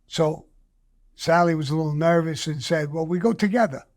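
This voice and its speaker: An older man, a guest telling a story casually, profane and animated, acting out the quoted voices. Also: fairly high pitch, normal speed.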